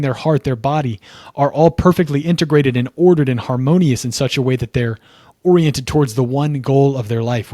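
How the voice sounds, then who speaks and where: A young man co-hosting a faith podcast, speaking in an earnest, measured way with preacherly emphasis. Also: medium pitch, darkish tone, no room sound, clean studio sound. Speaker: podcast co-host. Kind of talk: reflective faith podcast talk.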